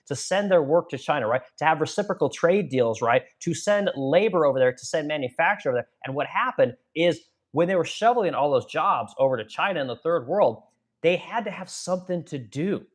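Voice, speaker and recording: Fast-talking, profane livestream ranter. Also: male voice, a little high, lively intonation. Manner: blunt and profane, rambling with frequent asides to viewers. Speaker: live-stream host reading viewer comments. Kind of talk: casual political rant on a live stream.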